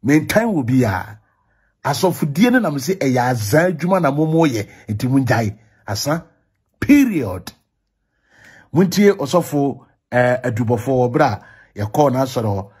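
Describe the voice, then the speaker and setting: A man's voice: mid-range voice, sing-song, measured pace, darkish tone, husky. A man with a Ghanaian accent, hosting a news show and presenting with emphatic, repeated slogans. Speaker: show host.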